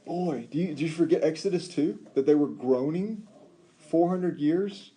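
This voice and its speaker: A man teaching a Bible study, talking in an animated, emphatic way with rhetorical questions and frequent ums. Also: a little high, moderate pace.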